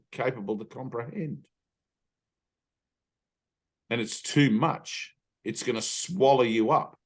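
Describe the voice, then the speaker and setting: A middle-aged man giving an earnest spiritual teaching talk, emphatic, swearing casually, and often checking in with "right?". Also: medium pitch. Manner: frequent "right?" tag questions.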